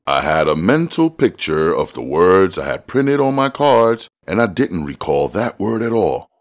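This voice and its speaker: A man's voice: deep voice, sing-song, a little slow, few pauses. A man reading a novel aloud in first person, telling the story expressively with casual swearing. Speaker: audiobook reader.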